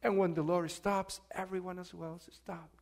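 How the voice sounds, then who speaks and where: High-voiced preacher, loud then hushed. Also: male voice, level tone, moderate pace, gravelly. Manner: swings between loud, urgent outbursts and hushed, intimate asides; asks the congregation questions and has them repeat. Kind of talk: sermon.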